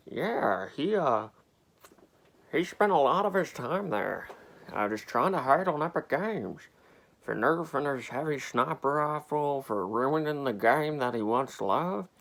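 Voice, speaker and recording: A man gives a comedy mockumentary interview in a gravelly, creaky voice. He talks slowly and hesitantly, with many fillers. His pitch sits in the middle. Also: a bit bright. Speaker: mock documentary interviewee.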